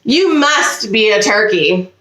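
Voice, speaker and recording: A woman's voice: medium pitch, lively intonation, pushed and bright, roomy sound. Woman playing a haughty mother duck. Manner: slow, haughty. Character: cold, proud mother duck.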